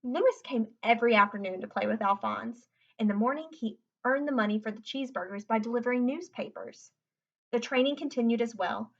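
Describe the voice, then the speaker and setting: A woman reading a picture book aloud in a gentle way, stopping now and then to explain things to young listeners. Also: on the high side, a little fast, dull audio. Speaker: storyteller.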